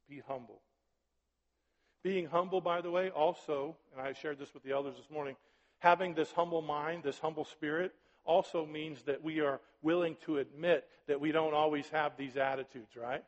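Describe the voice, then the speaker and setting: A man's voice: fairly high pitch, steady tone, normal speed. A man preaching a sermon as pastor, talking conversationally and checking in with his listeners often. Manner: conversational preaching, frequent "right?" and "are you with me?". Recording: dull recording with long hall reverb.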